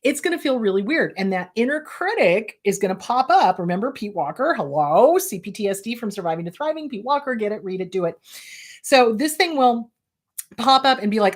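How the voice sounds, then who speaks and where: A woman therapist hosting a casual advice show, blunt and emphatic as she answers viewer questions. Her pitch swings widely from phrase to phrase, in a lively, animated way. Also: brisk. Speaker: therapist and host.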